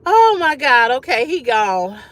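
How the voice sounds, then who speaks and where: A woman hosting a casual livestream, chatting with viewers, reading their comments aloud and often bursting into loud laughter. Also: high voice, measured pace, no echo. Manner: animated, reads comments aloud and reacts. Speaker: livestream host.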